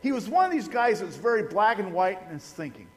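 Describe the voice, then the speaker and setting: This is a middle-aged pastor from Indiana, speaking briskly in a high voice with big swings in pitch. He tells personal stories in a folksy, conversational sermon, tossing humorous asides to his congregation as the church hall's long reverb rings around him.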